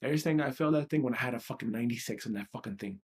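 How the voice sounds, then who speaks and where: A man's voice: mid-range voice, rapid-fire. A man in his thirties with a mid-range voice, speaking from New York in a raw, profane, emotional outpouring. He repeats lines for emphasis as he leads a tapping session. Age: 30s. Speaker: EFT tapping coach. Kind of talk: emotional personal monologue.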